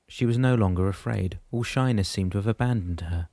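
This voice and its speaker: Deep, mellow male audiobook narrator. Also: a little fast, no room sound, clean studio sound. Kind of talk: scripted narration.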